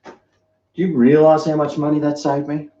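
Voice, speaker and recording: A man's voice: fairly high pitch, completely flat delivery, moderate pace, warm tone. Rambling Australian man, roomy lo-fi chat. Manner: rambling, chatty storytelling. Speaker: live streamer. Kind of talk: casual live-stream chat. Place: home kitchen. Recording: roomy, dull lo-fi sound.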